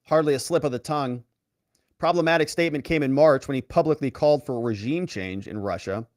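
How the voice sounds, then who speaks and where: A man's voice: fairly quick, no echo, clean studio sound. A man who is an attorney giving casual, sarcastic political commentary and reading articles aloud. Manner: animated and sarcastic, with wide swings in pitch.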